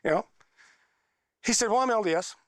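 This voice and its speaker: A man's voice: high-pitched, a little fast, no room sound, studio quality. A middle-aged man teaching a church class, telling stories in a folksy, chatty way and acting out both sides of the dialogue. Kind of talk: storytelling class talk.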